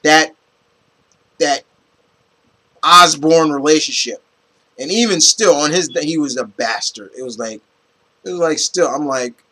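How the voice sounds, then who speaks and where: A man giving a casual, rambling movie review, animated and full of restarts and fillers. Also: fairly high pitch, a little slow, long pauses, rough recording.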